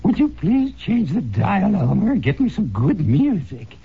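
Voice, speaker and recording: A man's voice: high voice, big pitch swings, unhurried, vocal fry, slightly rough, pitched above the performer's own voice, full character voice. A man voicing a fussy, scolding elderly woman listener complaining about the radio, heard on a dull lo-fi old radio broadcast. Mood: indignant.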